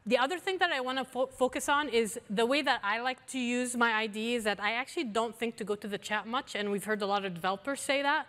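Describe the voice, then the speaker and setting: A woman's voice: a little high, quick pace, few pauses, fairly bright tone. A woman giving an eager, enthusiastic demo on a conference stage. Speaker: presenter. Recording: long hall reverb.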